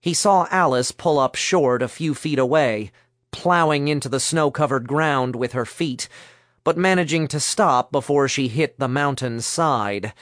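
A man narrating a story in a measured, steady storytelling voice. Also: medium pitch, no echo, clean studio sound. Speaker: audiobook narrator. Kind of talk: scripted narration.

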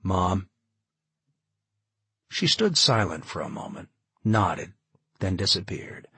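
Male audiobook narrator, low husky voice, lively intonation. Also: dry recording. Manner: expressive, measured storytelling.

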